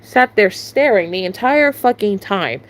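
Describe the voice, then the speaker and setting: A woman's voice: medium pitch, expressive, measured pace. A young woman vlogger, telling a storytime in casual, profane, exasperated chat.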